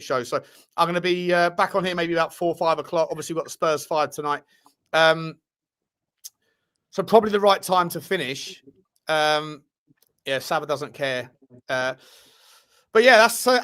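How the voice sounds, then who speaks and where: A man hosting a live football chat show, talking in a lively, rambling way with many fillers. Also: fairly high pitch, clean tone. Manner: animated, quick, many fillers and restarts. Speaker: host.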